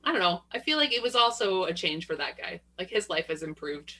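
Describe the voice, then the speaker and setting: A young adult woman co-hosts a casual podcast chat with a bright, forceful tone. She tells animated, profane stories full of quoted voices and laughs often. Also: fairly low pitch, a little fast. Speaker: podcast co-host.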